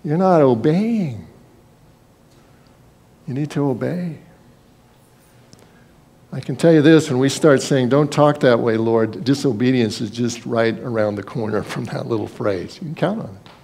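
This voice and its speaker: A man's voice: medium pitch, unhurried, gravelly, pauses often, dark tone, breathy edge. A man preaching a sermon as pastor, in a conversational style, acting out quoted voices and sometimes repeating words.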